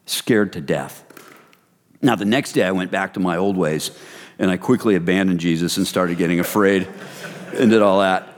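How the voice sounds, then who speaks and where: An American man telling his testimony as a preacher, animated and addressing the room as "you guys". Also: low-pitched, a little fast. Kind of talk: sermon testimony. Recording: long reverb hall.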